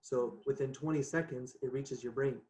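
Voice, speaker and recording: Male guest, mid pitch, animated casual storyteller, echoey video call audio. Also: moderate pace. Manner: chatty, animated, laughs often, says "right?" a lot. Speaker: podcast guest. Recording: echoey room.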